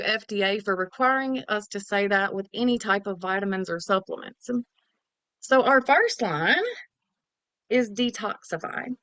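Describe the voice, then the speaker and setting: A woman's voice: fairly high pitch, fairly bright tone, no echo. A woman giving a chatty, casual product overview as a wellness promoter. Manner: chatty, salesy, casual slang.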